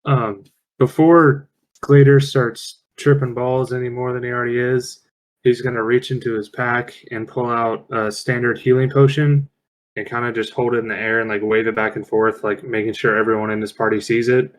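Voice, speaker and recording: A man's voice: medium pitch, little pitch movement, moderate pace, low-quality recording. A man playing a tabletop game over online voice chat, casually describing his character's actions in third person. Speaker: player.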